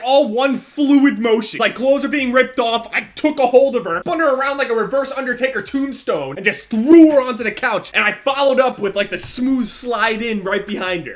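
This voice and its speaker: A young man tells a comedic story straight into his camera, with a fairly high voice. The delivery is bright and forceful, animated and blunt, with plenty of swearing. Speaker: vlogger.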